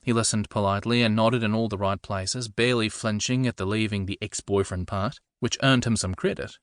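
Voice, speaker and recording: A man's voice: lowish voice, steady tone, fairly quick, hardly any pauses, clean tone, no echo. A man reading first-person narration for an audiobook with a dry, wry comic delivery.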